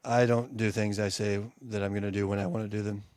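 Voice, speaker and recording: A man's voice: lowish voice, little pitch movement, darkish tone, no echo, studio quality. A man co-hosting a podcast, joking and teasing his guest in casual banter. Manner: joking, teasing, quick with silly voices. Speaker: podcast co-host.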